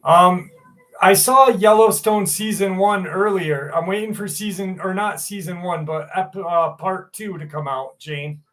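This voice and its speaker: Male livestream host, slow rambling chat with viewers, fairly high voice. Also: a bit bright, poor audio. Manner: rambling, loose, with fillers and swearing. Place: room at home.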